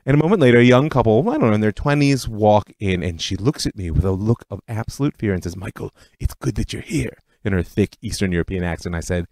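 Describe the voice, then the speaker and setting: Talking fast with hardly any pauses, a podcast host with a fairly low voice tells history as a lively, scripted story. There's no echo on the recording.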